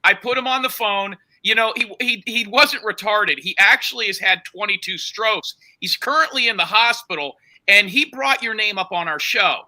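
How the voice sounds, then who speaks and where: A man with a very high, sharply bright voice, pressing on through a heated argument. He retells a story insistently and keeps demanding to finish over the interruptions. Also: moderate pace, hardly any pauses, rough recording. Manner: insistent, talks over others, retells calls with quoted voices. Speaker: show host under confrontation.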